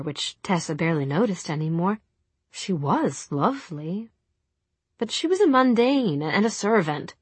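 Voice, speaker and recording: A woman narrating a novel as an audiobook, with a steady, expressive reading. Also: mid-range voice, breathy edge, no room sound.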